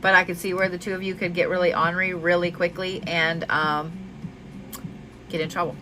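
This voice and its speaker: A woman astrology reader gives a live reading, chatty, warm and openly swearing. Her voice is lowish with little pitch variation, and she talks a bit quickly. Clear music plays behind her, along with some background noise.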